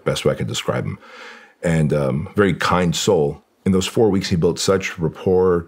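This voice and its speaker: A deep-voiced Armenian man, appearing as an interview guest, tells a personal story with earnest emotion, voicing his own thoughts aloud as he goes.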